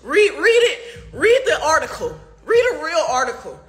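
A woman's voice: sits high, sing-song, moderate pace. A young woman in a heated, profane livestream rant, firing off rhetorical questions. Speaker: artist speaking to fans.

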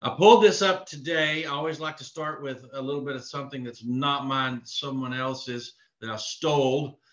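A man's voice: mid-range voice, fairly even intonation, moderate pace, a bit bright. A man from Texas giving a live online sales training, earnest and repetitive in his coaching. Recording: echoey room, dull lo-fi sound.

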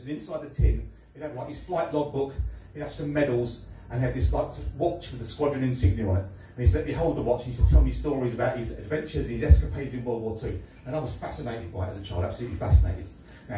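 A man from London with a Cockney accent, doing a stand-up comedy set with deadpan one-liners and pauses before punchlines. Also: mid-range voice, a little hiss or hum. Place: comedy club stage. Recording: echoey room, heard from a distance.

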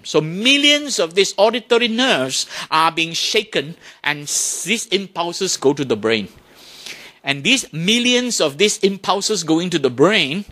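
A man giving a Buddhist dharma talk to an audience, animated, often asking questions and imitating sounds to make his points. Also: fairly high pitch. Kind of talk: lively talk to a temple audience.

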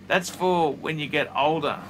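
This watch reviewer, a man in his fifties, talks casually in his office studio, handing out blunt, profane, emphatic advice. His voice is slightly high, unhurried and a touch bright, with a little background noise.

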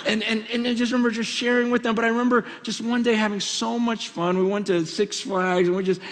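A middle-aged man gives a conference sermon in a strikingly high voice. He speaks earnestly, often repeating words as he restarts, and his voice rises into pleading. The sound carries a long reverb from a large hall. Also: little pitch movement, fast, fairly bright tone. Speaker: preacher.

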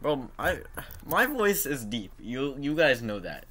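A teenage boy hosting a casual reaction video at home, excitable and self-mocking, saying "bro" a lot. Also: medium pitch, measured pace. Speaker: channel host reacting to his own old basketball video.

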